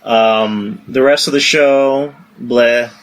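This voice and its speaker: A man co-hosting a podcast in casual chat, hesitant and halting as he speaks. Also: medium pitch, steady tone. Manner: hesitant, full of restarts and fillers. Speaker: podcast co-host.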